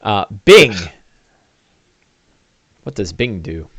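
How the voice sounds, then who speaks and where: A man narrating a tabletop fantasy game as game master, telling the scene in an animated way with fillers and asides. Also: lowish voice, extremely slow, no echo.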